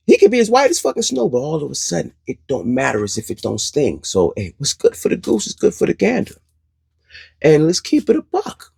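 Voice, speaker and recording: Husky sarcastic male commentator. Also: medium pitch, wildly swooping pitch, moderate pace, no room sound, clean studio sound. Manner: sarcastic, emphatic, preachy. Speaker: commentary channel host. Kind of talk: opinion commentary.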